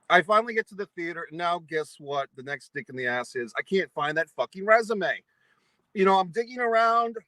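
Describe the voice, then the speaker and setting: A man's voice: high voice, sharp tone, dry recording, poor audio. A man from New England ranting at length, angry and profane, in a vlog monologue. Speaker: vlogger. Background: eating pizza.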